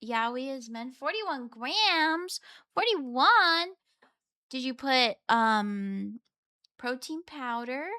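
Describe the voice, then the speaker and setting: A woman's voice: high voice, animated, very slow, bright, forceful tone, no echo, clean studio sound. A woman chatting casually on a live stream, reading and answering her chat in a playful, meowing way. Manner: playful, chatty, meows between chat replies.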